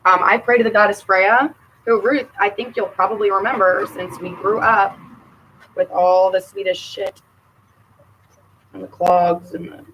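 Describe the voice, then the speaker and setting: A woman venting to her camera at her sister, bitter and profane, her voice dropping low or flaring hot. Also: steady tone, a little slow, long pauses, a bit bright, a little hiss or hum, rough recording. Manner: swings between muttering and heated outbursts. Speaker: vlogger addressing her sister. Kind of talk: personal rant to camera.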